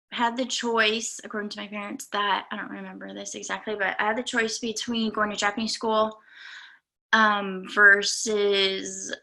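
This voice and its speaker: A young woman coach speaks to her students in a slow, unhurried way, often pausing on fillers. Her voice is bright and carries a gravelly fry. She sounds earnest and sincere. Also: medium pitch. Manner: halting, many fillers, earnest and emotional. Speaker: golf coach. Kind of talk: speech to students.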